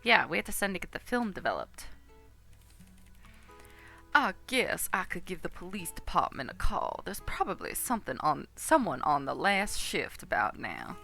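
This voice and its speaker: A woman's voice: lowish voice, gravelly, bright, forceful tone. A woman streamer chatting casually and reading game text aloud while playing, laughing often.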